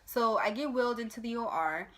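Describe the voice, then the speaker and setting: A young woman from the United States telling a personal birth story to camera in a casual vlog, emotional and animated, acting out the voices of others. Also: on the high side, fairly quick. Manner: emotional, animated retelling with acted quotes.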